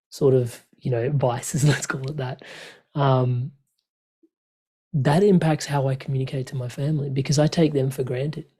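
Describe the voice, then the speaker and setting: Aussie guy in his 30s chatting openly, warm mellow tone, lots of ums and you knows. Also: mid-range voice. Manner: open, earnest, many fillers and restarts. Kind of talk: reflective conversational chat.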